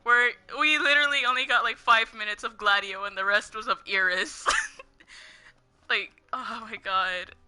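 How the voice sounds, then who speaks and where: A woman's voice: on the high side, normal speed, pushed and bright. A young woman casually ranting over her gameplay, giggling often and filling her talk with "like". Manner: giggly, heavy use of "like", ranting. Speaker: gaming streamer. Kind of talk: casual gameplay commentary, rambling.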